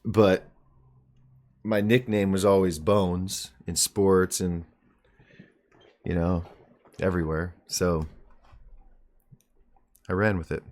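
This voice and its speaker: A man in his forties hosting a live mindset stream, explaining ideas in plain terms with a relaxed, joking manner. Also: sits low, takes it slowly, pauses often. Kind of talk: live stream talk and teaching.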